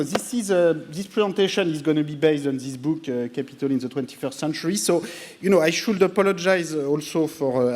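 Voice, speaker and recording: A man with a French accent giving a public lecture in a theatre, hesitant and self-deprecating, filling pauses with "you know". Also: fairly high pitch, a little mellow. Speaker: guest lecturer.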